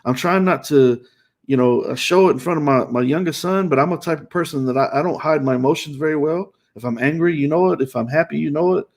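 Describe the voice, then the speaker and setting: Male host, raw and emotional storyteller, fairly high voice, stumbling restarts. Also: quick pace, darkish tone. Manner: emotional, many restarts and repetitions.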